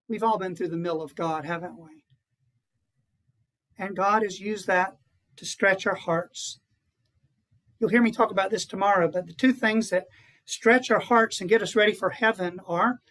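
A man's voice: high-pitched, fairly bright tone, low-quality recording. A man who is a priest, giving an earnest retreat conference to fellow priests and often putting rhetorical questions to them.

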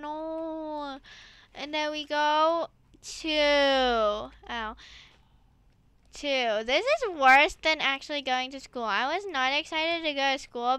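A woman giving excited gameplay commentary as a gaming YouTuber, squealing and laughing while she plays. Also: high voice, no echo.

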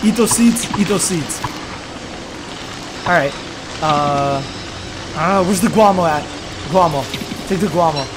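A young man giving casual commentary on his own gameplay, talking to himself and bursting into loud, exasperated yelps. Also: a little high, slow, long pauses, noisy background. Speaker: let's play gamer.

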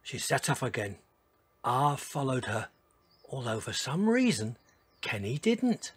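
A man reading a children's storybook aloud in a gentle, expressive way. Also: mid-range voice, measured pace, breathy edge, no room sound. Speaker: narrator.

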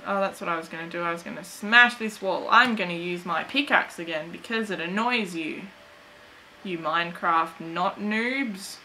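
A woman's voice: on the low side, normal speed, sharp tone, slight background noise, rough recording. A woman hosting a let's play, giving goofy, chatty commentary as she talks to the game and her viewers. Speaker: gaming channel host.

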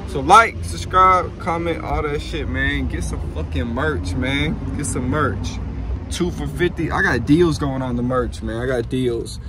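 Slangy, animated man vlogging. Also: mid-range voice, a little slow, background noise. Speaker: vlogger promoting his merch. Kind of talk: casual storytelling vlog.

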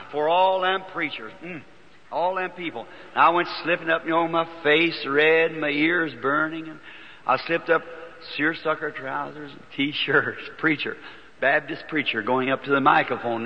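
A man's voice: fairly high pitch, moderate pace, slight background noise. A man preaching a sermon, telling a story in a folksy way and acting out the people in it. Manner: folksy storytelling, voices quoted people, builds to excited shouting. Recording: dull lo-fi 1950s tape in a reverberant hall.

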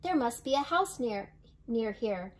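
A woman voicing a curious, hungry male rooster in a storybook read-aloud, in a plain gentle voice. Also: fairly high pitch, animated, a little slow.

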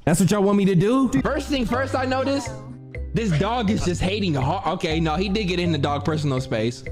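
A young man who streams, roasting cartoon clips in a slangy, animated style and calling his chat "bro.". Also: high voice, fairly quick, over music. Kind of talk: casual comedic commentary.

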